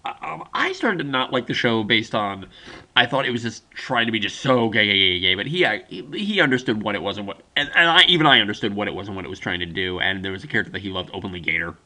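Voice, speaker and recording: A man in his twenties telling stories in a casual vlog monologue, rambling and halting as he talks. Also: lowish voice, expressive, sharp tone. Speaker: vlogger.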